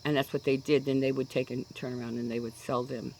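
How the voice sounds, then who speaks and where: A woman's voice: a bass voice, flat delivery, fast talker, a little mellow, slight background noise, low-quality recording. Rambling older Kansas woman. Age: 60s. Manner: chatty, wanders off track. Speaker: pipe-smoking vlogger. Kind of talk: casual rambling monologue.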